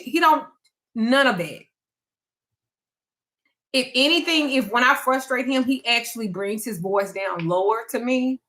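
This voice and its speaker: Bright, profane woman talk-show host. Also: a little high, unhurried. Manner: blunt, profane and animated. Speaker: host of a live call-in show. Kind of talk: casual storytelling chat.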